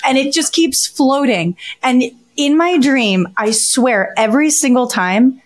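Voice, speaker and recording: A woman in her thirties co-hosting a podcast, telling a strange dream in a lively, casual way, swearing and laughing as she goes. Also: high-pitched, measured pace. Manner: animated storyteller, swears freely, laughs while talking. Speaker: podcast co-host.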